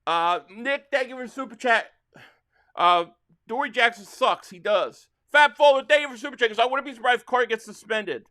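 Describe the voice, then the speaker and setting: A man's voice: very high-pitched, animated, fairly quick, bright, forceful tone. A man hosting a live football reaction stream, rambling with frustration and reading out viewer messages. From Philadelphia area. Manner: frustrated, rambling fan talk reading super chats. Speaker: livestream reaction host.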